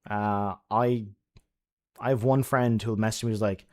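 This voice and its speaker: A man's voice: lowish voice, fairly even intonation, measured pace, a little mellow. A man giving friendly advice to his chat on a casual live stream, laughing often and swearing freely.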